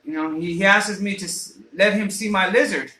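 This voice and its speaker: A man with a high, bright voice spins a rambling, foul-mouthed story, stumbling over restarts and fillers. He sounds like a radio host chatting loosely, and his voice bounces around a roomy, echoey space. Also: moderate pace. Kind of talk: casual personal storytelling. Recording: roomy echo.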